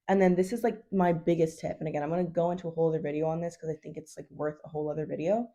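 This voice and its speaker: A woman coach talks straight to camera in a loose, unpolished vlog style, blunt and peppered with swearing and endless "like"s. Her voice sits a little low, with a warm, mellow tone. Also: flat delivery, racing, hardly any pauses, muffled recording. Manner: blunt, chatty, swears, says 'like' constantly. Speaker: hormone health coach. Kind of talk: casual advice vlog.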